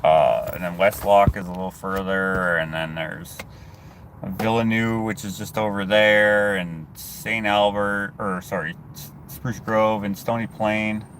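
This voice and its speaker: A man's voice: fairly low pitch, fairly even intonation, unhurried, fairly bright tone, a little hiss or hum. A man from Canada chats casually in a car to his phone and reads viewer comments, rambling and cutting himself off. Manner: rambling, chatty, self-interrupting. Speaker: vlogger. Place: inside a car.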